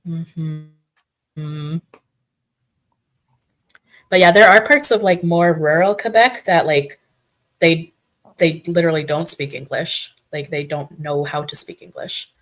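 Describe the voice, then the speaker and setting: A woman's voice: deep voice, steady tone, slow pace, pauses often, fairly bright tone. A woman from Canada chatting casually on a podcast, filling her talk with "like". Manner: chatty, many "like" fillers. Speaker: podcast guest. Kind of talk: casual chat.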